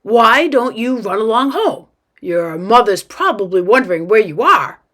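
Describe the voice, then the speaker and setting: A woman putting on a loud, flustered dad. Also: fairly high pitch, very animated, unhurried, exaggerated voice. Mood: coaxing. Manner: loud, warning. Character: flustered, stern suburban dad.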